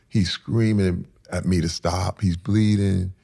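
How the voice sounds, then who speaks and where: A man in his forties telling a painful personal story in rough, casual speech that builds to loud intensity. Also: low-pitched, steady tone, slow pace.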